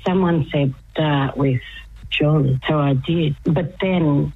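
An older woman with a husky, low-pitched voice speaks slowly as a radio guest, laughing frequently as she enthusiastically shares her story in a relaxed chat. The radio audio comes through muffled and lo-fi.

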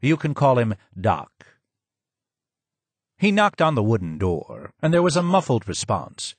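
A man reading a first-person memoir aloud as an audiobook narrator, in steady storytelling. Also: medium pitch, no echo. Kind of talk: scripted narration.

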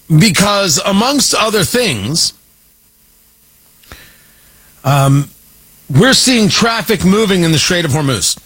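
A man's voice: high voice, fairly bright tone, husky, rough recording. A man delivering an opinionated political monologue, sarcastic and emphatic, repeating points for effect. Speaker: political commentator.

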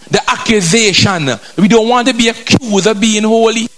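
Brief: male preacher, slightly high voice, emphatic and repetitive, keeps asking the congregation "Hello?". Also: moderate pace, few pauses. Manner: emphatic, repeats phrases, asks the congregation "Hello?"; drifts in and out of a colloquial vernacular. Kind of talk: sermon.

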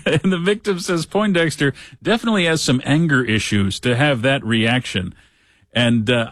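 A man hosting a talk show, reading a news story aloud with sarcastic asides and lively quoting. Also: on the high side, no room sound. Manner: sarcastic, animated when quoting others. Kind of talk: casual commentary reading news.

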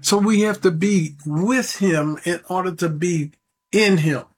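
A high-pitched man delivers a sermon on the radio. He preaches earnestly and often pleads with his listeners. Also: measured pace, slight background noise.

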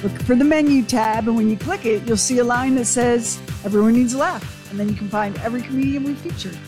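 A woman's voice: on the high side, fast talker. A woman co-hosting a radio show, chatty and teasing in casual talk. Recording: radio show with music underneath.

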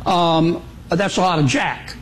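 A senator, a man with a notably high voice, speaks in a plain, unhurried way. He fills his pauses with ums as he works through his points in a played interview clip. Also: slight background noise.

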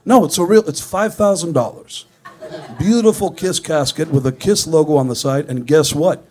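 A man's voice: on the high side, normal speed, a little mellow, lightly acted. A man doing an impression of a blunt, boastful male rock star who talks like a salesman and swears. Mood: selling.

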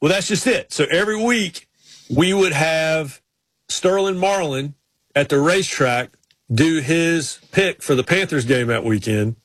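Husky-voiced man on a sports talk show. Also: on the high side, a bit bright, no room sound. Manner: rambling, with quick restarts and folksy impressions. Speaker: radio sports show co-host. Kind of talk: casual storytelling chat.

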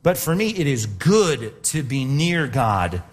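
A man's voice: medium pitch, big pitch swings, slow pace. A male pastor preaching a sermon, emphatic and repeating words as he builds his points.

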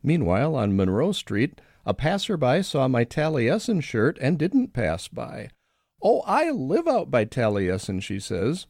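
A man tells wry little stories for a local radio segment. His delivery is animated and full of swooping intonation. The voice sits close and dry, with no room sound around it. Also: mid-range voice, a little slow, gravelly, no echo. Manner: wry storytelling with lively intonation. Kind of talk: scripted radio commentary.

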